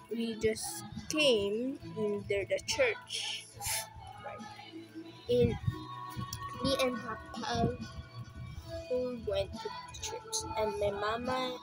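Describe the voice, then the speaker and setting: Slow, halting Filipino woman vlogger. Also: on the high side, poor audio. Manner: halting, restarting, emotional. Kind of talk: casual rambling vlog.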